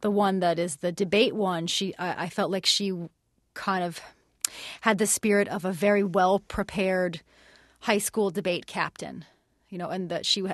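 A woman's voice: fairly low pitch, steady tone, moderate pace, dry recording, clean studio sound. A woman guest in a radio interview, explaining her craft thoughtfully with many hesitations and light laughs. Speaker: actress and guest.

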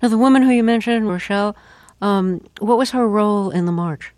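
An interviewer with a mid-range voice asks engaged, prompting questions in a relaxed conversational interview. The sound is dry and close to the microphone. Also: mid-range voice, brisk, no echo.

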